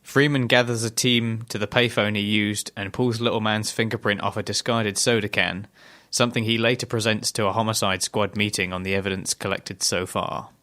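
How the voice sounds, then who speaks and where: A man's voice: fairly low pitch, little pitch movement, moderate pace, hardly any pauses, fairly bright tone. A man co-hosting a podcast, chatting casually and analytically about a TV episode and reading out plot summaries. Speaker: podcast co-host. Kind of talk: casual discussion.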